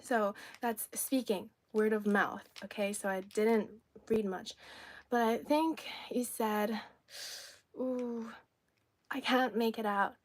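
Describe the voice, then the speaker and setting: A Cantonese-speaking woman from China hosts a casual livestream, chatting through a snack taste test and responding to viewers' comments. Her fairly high voice is steady and slow, with no echo.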